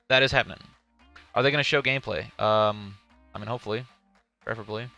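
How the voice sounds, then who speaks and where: A man's voice: on the low side, quick pace, gravelly, pushed and bright, highs cut off, soft background music. A man streaming live, giving casual, profane commentary on a game showcase and reading chat questions aloud.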